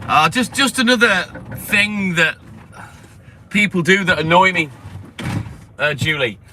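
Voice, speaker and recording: Man, fairly high voice, blunt sweary banter, street and traffic noise behind. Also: a little slow, sharp tone. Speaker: livestreaming milkman. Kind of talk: casual chat with live viewers. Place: outdoors on delivery rounds.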